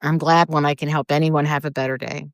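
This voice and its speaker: A woman's voice: sits low, little pitch movement, fast, dry recording, clean studio sound. An older woman rambling casually on a live video from her front porch, greeting viewers by name. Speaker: livestreamer. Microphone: phone or camera for a live video.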